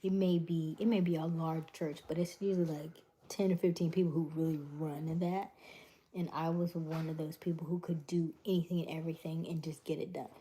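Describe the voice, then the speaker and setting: Mellow, low-voiced woman livestreaming. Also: fairly quick. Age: middle-aged. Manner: animated storyteller, acts out dialogues, reads chat aloud. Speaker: livestream host. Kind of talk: casual livestream chat.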